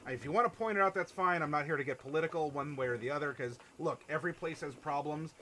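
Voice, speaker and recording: A man's voice: a little high, fast, sharp tone, a little hiss or hum. A man from Ohio hosting a live-stream worldbuilding workshop, chatting casually, reading chat messages aloud and laughing often.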